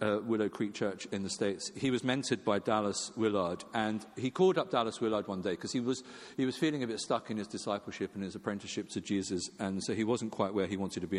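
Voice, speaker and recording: A man preaching a sermon in a conversational way, with fillers and restarts, acting out quoted voices. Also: long reverb tail. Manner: acts out quoted voices with jumps in pitch.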